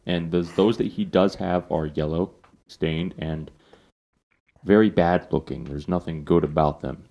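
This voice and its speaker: Podcast host, man, very low voice, casual profane storyteller. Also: dark tone.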